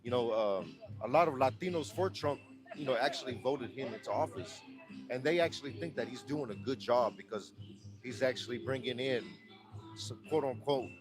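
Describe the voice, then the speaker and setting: A man with a Texan accent giving earnest, halting answers in a street interview, often restarting his words. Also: medium pitch, music in the background, low-quality recording.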